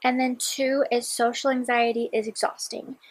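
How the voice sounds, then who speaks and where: Woman, twenties, slightly high voice, casual diary vlog, rambling, candid. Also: little pitch movement, normal speed, rough recording. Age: 20s. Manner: rambling and candid, with fillers and sudden whispers. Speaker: vlogger.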